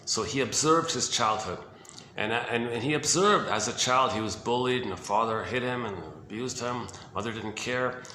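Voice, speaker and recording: A man's voice: mid-range voice, normal speed, pushed and bright. A man giving a rambling, casual talk about psychology, thinking aloud with many restarts. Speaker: video host. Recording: roomy echo with faint hiss.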